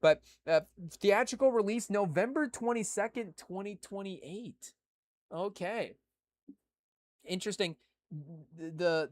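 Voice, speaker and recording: A man hosting a podcast, chatting on his own in a rambling way with lots of fillers and restarts, talking to his live chat. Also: sits high. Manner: talks to a live chat audience. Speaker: podcast host. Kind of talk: casual solo chat.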